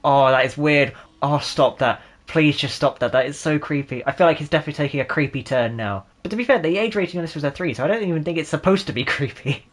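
A young man in his twenties hosts a let's-play of a game, with sarcastic and jokey commentary. His voice sits a little high, and he often breaks into laughter between dry remarks. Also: expressive, fast talker, few pauses. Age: 20s. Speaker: gaming channel host.

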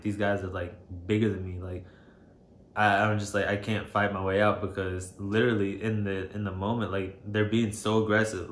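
A man telling a personal story to camera, shaken and emotional, halting and hesitant with many fillers. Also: low-pitched. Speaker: vlogger. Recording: roomy echo, faint background noise.

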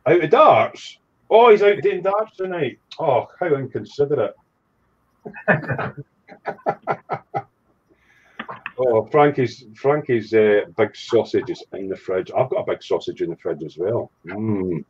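A man's voice: medium pitch, animated, slow pace, pauses often, husky. A man hosting a casual live stream, chatting jokily with friends on a video call and reading out the chat. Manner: chatty, jokey, reads out chat messages. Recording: dull lo-fi stream audio.

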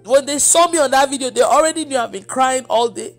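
A woman's voice: high-pitched, a little fast, soft background music. A woman preacher giving an emotional testimony, acting out the dialogue as she tells it. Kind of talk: testimony sermon.

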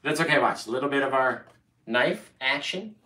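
A man's voice: mid-range voice, moderate pace, distant mic. Playful man teaching painting, roomy sound. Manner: playful and excitable, echoes words back. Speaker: painting instructor. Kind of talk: live painting tutorial.

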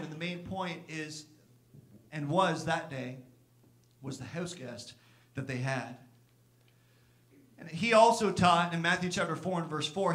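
A pastor preaching a sermon in church, earnest, sometimes acting out the complaints of the people he speaks about. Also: fairly bright tone. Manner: earnest, acts out Martha's complaints with raised pitch.

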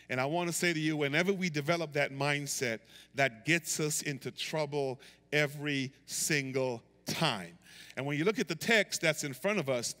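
A male pastor preaching a sermon, reading scripture and building to emphatic, animated calls. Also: a little high, big-room sound. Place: church sanctuary.

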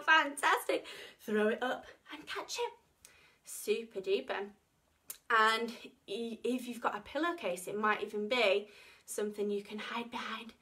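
A woman with a Northern English accent leading a home workshop for toddlers and their families, singing nursery rhymes and calling out movement games in a coaxing, sing-song way. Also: fairly high pitch. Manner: bright sing-song coaxing, gasps and cheers. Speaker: children's workshop leader. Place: home room, live stream. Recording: faint ukulele playing behind her.

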